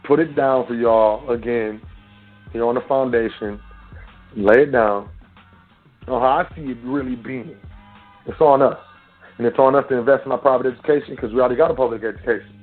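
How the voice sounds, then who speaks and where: A man hosts an internet call-in show, talking in loose, street-casual speech as he preaches straight at his listeners. His voice sits at an ordinary middle pitch. It comes through a thin, phone-like line with faint music underneath. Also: normal speed, pauses often. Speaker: radio show host.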